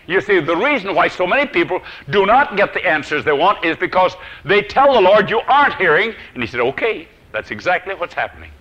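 Lively male preacher, muffled old tape. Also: high voice, brisk, hardly any pauses. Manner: dramatic swings from loud to hushed. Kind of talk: sermon storytelling. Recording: dull lo-fi old recording.

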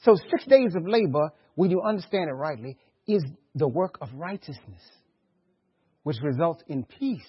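A male pastor preaching a sermon, swinging between hushed asides and loud, lively outbursts. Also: a little high, normal speed, breathy edge, highs cut off.

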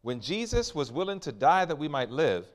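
A man preaching a sermon, questioning the congregation, reading scripture slowly and forcefully, and swinging between quiet asides and loud climaxes. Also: on the high side, sing-song. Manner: questions the congregation and waits for replies.

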